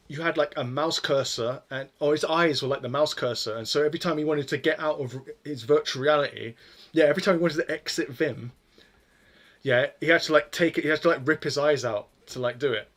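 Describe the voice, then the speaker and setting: A man's voice: on the high side, a bit bright. A man chatting loosely as he codes live on stream, swearing freely and poking fun at himself. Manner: rambling, swears freely, self-deprecating. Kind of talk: casual stream chatter while coding.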